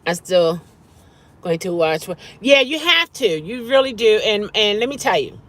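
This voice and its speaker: A woman's voice: medium pitch, big pitch swings, normal speed. A woman vlogging casually from her car, chatting and humming over her food. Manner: chatty, savoring food with hums. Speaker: vlogger and rideshare driver. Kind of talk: casual chat while eating in a car.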